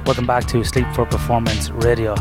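A man's voice: mid-range voice, little pitch movement, brisk, over music. Australian man hosting a podcast. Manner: chatty, curious questioning. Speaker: podcast host. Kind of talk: podcast interview.

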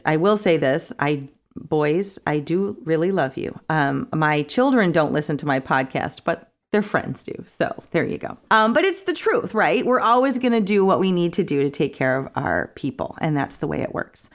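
A middle-aged woman hosting her podcast, talking in an upbeat, chatty way and laughing easily. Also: lowish voice. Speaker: podcast host and organizing coach. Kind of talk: casual podcast chat.

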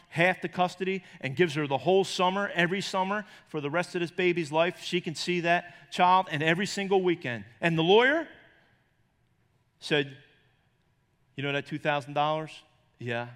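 A middle-aged man preaching a sermon as pastor, swinging from loud high emphasis to low quiet storytelling. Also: in a large hall. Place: church.

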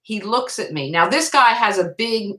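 A woman with a bright, forceful tone tells her faith story as a guest. She speaks emotionally, stumbling over restarts and repeating herself. Her pitch sits in an ordinary middle range. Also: animated, rough recording. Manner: emotional, halting, with frequent restarts. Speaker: guest author. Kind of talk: testimony in a faith interview.

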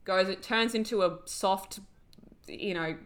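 A woman co-hosting a podcast, recapping a TV episode as a rambling, animated storyteller in casual chat. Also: mid-range voice, a little slow. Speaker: podcast co-host.

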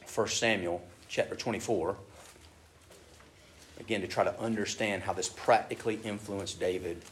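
A man preaching a sermon in a conversational, emphatic way, asking his listeners questions and swinging between hushed and loud. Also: sits low, slight background noise. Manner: conversational, emphatic, asks the audience rhetorical questions.

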